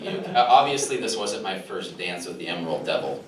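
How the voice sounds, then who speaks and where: A young man with a low voice works a small room in a stand-up set, mocking himself and laughing at his own jokes. His pitch leaps around with lively energy. The recording is roomy and distant, with clear room noise underneath. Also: moderate pace, hardly any pauses, a loud crowd. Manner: self-deprecating, chuckles at his own jokes. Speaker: stand-up comedian. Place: small comedy venue with a live crowd.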